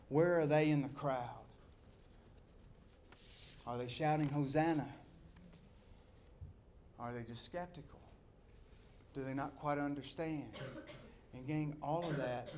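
A middle-aged man preaches a sermon, his voice sitting a little high for a man. He swings from loud, shouted lines down to hushed, almost whispered ones as he leads the congregation. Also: a little hiss or hum. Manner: animated preaching, shouting quoted crowds, dropping to near-whispers. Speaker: pastor.

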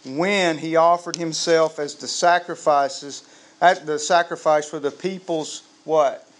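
Lively, high-voiced man preaching. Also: measured pace. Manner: lively, humorous, asks the congregation questions. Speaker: pastor. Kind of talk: sermon. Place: church with a live congregation.

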